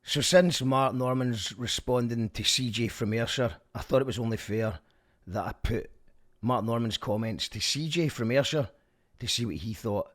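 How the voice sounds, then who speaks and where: A male radio show host reads scripted links between clips in a dry, deadpan way. His pitch sits in the middle for a man. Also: normal speed. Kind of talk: scripted presenter link.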